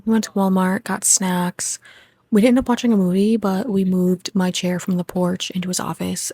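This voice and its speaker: A young woman vlogging casually at home into her phone, chatty and excitable as she talks to her viewers. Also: on the low side, breathy edge. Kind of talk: casual vlog chat.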